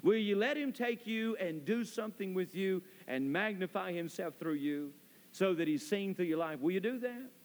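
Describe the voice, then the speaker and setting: A man's voice: high-pitched, lively intonation, moderate pace, darkish tone. A man preaching a sermon as pastor, building emphasis through repetition. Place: church sanctuary. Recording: long reverb of a church hall.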